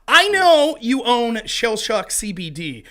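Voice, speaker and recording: A man's voice: extremely high pitch, big pitch swings, takes it slowly, a bit bright. A man hosting a casual podcast chat, talking in a jokey, self-deprecating way. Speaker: host.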